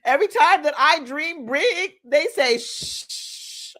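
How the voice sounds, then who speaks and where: Lively preachy woman coach. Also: sits high, measured pace. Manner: animated, preachy, playful, laughs often, hollers for emphasis. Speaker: host, manifestation coach. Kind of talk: motivational talk.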